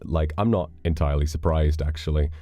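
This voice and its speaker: A man's voice: extremely low pitch, a little fast, warm tone, no echo, soft background music. A man streaming live, rambling casually as he reads donations and chats, with casual swearing. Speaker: livestreamer.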